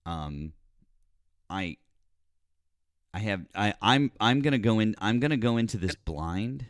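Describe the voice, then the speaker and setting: A man's voice: fairly low pitch, expressive, unhurried, dry recording, studio quality. A middle-aged man hosting a live-stream call-in show, rambling and often apologizing with a self-deprecating manner. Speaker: host.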